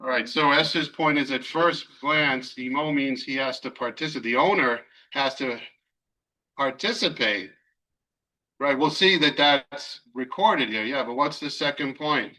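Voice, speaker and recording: Male rabbi, bright tone, relaxed classroom teacher taking questions. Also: medium pitch, measured pace, rough recording. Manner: conversational, hesitant fillers, takes questions from students. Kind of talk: classroom Torah lesson.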